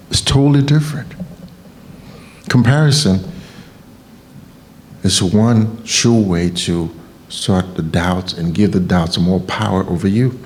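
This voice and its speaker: A man's voice: lowish voice, a little mellow. A man from Haiti with a Haitian accent, giving an emphatic motivational sermon and repeating key phrases for effect. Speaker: motivational speaker.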